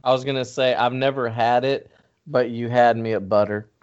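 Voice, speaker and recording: A man's voice: medium pitch, normal speed, clean tone, lo-fi sound. A man co-hosting a casual chat, explaining things easily and step by step. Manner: relaxed, easygoing, explains step by step.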